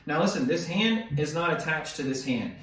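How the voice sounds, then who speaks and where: A man's voice: fairly high pitch, lively intonation, moderate pace. Man teaching drumming in an echoey room. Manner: counts beats aloud while demonstrating, with frequent restarts and apologies. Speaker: drum instructor. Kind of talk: casual instructional talk. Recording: very echoey room, mic at a distance.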